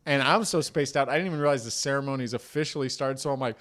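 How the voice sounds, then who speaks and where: A man's voice: mid-range voice, fairly even intonation, rapid-fire, few pauses, fairly bright tone. Self-deprecating young man telling stories. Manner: rambling, self-deprecating, swears casually. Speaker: podcast co-host telling a story. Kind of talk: casual storytelling.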